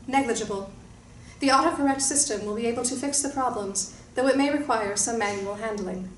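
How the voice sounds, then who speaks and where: A woman voicing a ship's computer that reports in a quick, flat, factual way. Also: on the high side, lightly acted. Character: brisk ship computer voice, factual. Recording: roomy distant mic with faint hiss.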